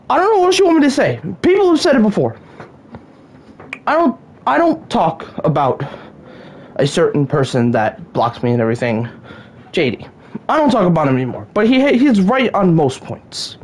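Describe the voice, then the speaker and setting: A woman's voice: medium pitch, huge pitch swings, moderate pace, pauses often, a little mellow. A woman hosting a podcast, ranting in exasperation, often sighing and stammering. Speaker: podcast host. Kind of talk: solo wrestling rant podcast.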